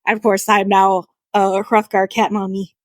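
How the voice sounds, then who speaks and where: A woman co-hosting a casual gaming podcast, animated and swearing freely as she acts out lines. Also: mid-range voice, moderate pace, a crowd in the background. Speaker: podcast co-host.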